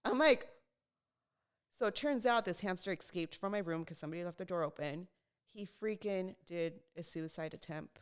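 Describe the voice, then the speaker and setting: A young woman co-hosts a casual podcast and tells a funny story with plenty of energy, slipping into quoted voices and laughing along. Her voice is smooth and clear and sits a little low for a woman. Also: moderate pace. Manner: animated, laughing, acts out quotes. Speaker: podcast co-host.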